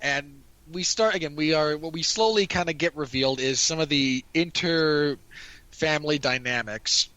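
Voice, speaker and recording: Bright-toned man rambling through a film review. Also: on the high side, moderate pace, no room sound, dull audio. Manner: rambling, restarts, repeats "again". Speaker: podcast host. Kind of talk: casual movie review chat.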